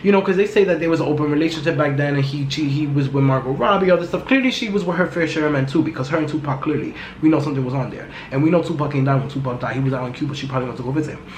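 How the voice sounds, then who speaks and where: A woman hosting her own podcast in a casual, loud, profane and gossipy way. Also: deep voice. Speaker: podcast host. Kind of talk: casual solo podcast chat. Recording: echoey room with faint background noise.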